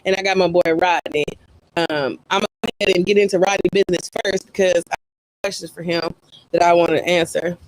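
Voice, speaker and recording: A man's voice: sits high, fairly even intonation, fairly quick, a little hiss or hum, low-quality recording. A man hosting a radio show, brash and joking, laughing often in raunchy casual banter. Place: radio studio.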